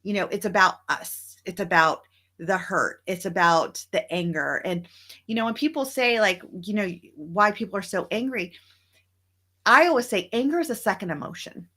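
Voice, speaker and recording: A woman's voice: mid-range voice, animated, moderate pace, pushed and bright. A middle-aged woman co-hosting a casual talk show, speaking earnestly and reflectively and acting out small scenes from her stories. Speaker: co-host. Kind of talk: casual chat.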